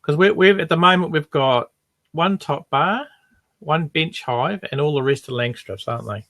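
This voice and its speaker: An upbeat man from New Zealand co-hosts a casual live Q&A. His voice is slightly high for a man, and he chimes in with quick agreements. The recording is dry and close. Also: bright, forceful tone, no room sound. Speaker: podcast co-host.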